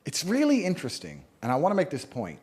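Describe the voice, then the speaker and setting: A man's voice: fairly high pitch, huge pitch swings, fast talker, a little mellow. A man as an interview guest, talking emphatically and making sweeping claims. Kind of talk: opinionated interview talk.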